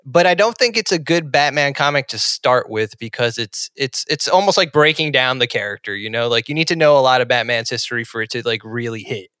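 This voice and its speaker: A man from the Northeast US co-hosting a casual podcast, relaxed and thoughtful. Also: mid-range voice, brisk, hardly any pauses, clean tone, no echo, studio quality. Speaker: podcast co-host. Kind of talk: casual chat.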